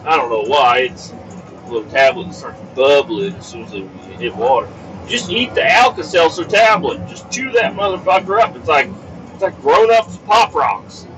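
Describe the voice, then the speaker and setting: Guy ranting and swearing while he drives, kinda high voice, dull far-off mic with car noise behind. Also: animated, normal speed, a bit bright. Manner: profane, rambling, exasperated rants. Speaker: podcast host. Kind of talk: casual rambling monologue while driving. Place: inside a moving vehicle on the highway. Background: car and road noise.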